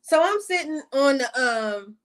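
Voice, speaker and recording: High-voiced woman telling a profane storytime. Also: animated, measured pace, noisy background. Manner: profane, rambling, with side tangents to viewers. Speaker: vlogger. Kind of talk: casual storytime monologue.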